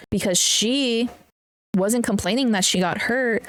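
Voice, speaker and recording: A woman's voice: mid-range voice, moderate pace. Young female podcast host, casual storyteller, blunt and profane, mid-range voice. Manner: blunt, swears freely, animated retelling with quoted voices.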